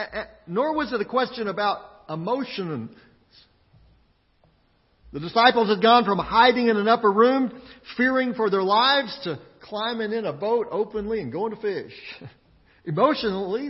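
A man's voice: sits high, long reverb tail, muffled recording. A male pastor preaching a sermon in a conversational way, often repeating words as he goes. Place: church sanctuary.

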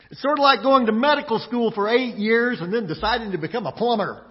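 A man's voice: extremely high pitch, fairly quick, few pauses, big-room sound, highs cut off. A male pastor preaching a sermon in a conversational way, often repeating words as he goes. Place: church sanctuary.

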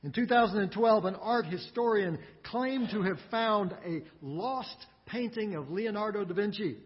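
High-voiced preacher in a reverberant hall. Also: male voice, slightly rough, muffled recording. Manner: earnest, emphatic preaching with dramatic pauses. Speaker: pastor. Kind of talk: sermon.

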